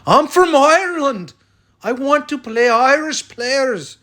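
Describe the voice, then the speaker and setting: A man's voice: very high voice, animated, takes it slowly, pushed and bright, voice pushed up, heavily acted. A man playing a brash, boastful self-proclaimed Irishman. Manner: boastful, blunt, swears. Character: brash stubborn man who claims to be Irish. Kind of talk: comic sketch over a fantasy lineup.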